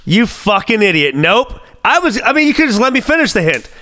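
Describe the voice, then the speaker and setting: Excitable, foul-mouthed man, dry close mic. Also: high voice, brisk, no room sound. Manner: excitable, heavy swearing, thinks aloud. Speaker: co-host. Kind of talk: casual podcast chat, quiz game.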